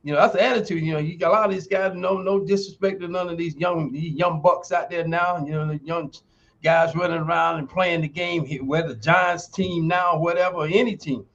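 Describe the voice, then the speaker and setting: An older man in his sixties tells stories as a podcast guest in a slightly high voice. He speaks emphatically and acts out the quoted lines of other people. The sound is dull and lo-fi, like a streamed call. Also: steady tone, fairly quick, fairly bright tone. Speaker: former football player and university sports instructor.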